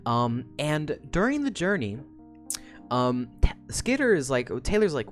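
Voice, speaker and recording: A woman's voice: deep voice, very animated, a little slow, faint music behind. A woman streamer chatting casually through a book recap, swearing freely and rambling with fillers.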